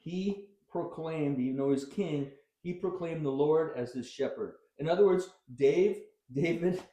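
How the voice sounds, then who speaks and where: A man's voice: on the high side, a little slow, mellow, roomy sound, poor audio. A male pastor preaching a sermon in a conversational style, with wry asides and sudden bursts of emphasis.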